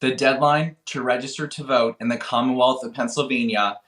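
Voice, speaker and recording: Earnest man with a bright echoey sound. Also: mid-range voice, fairly even intonation, brisk. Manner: earnest, urgent, pleading. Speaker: guest, voter registration organizer. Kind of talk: interview answers.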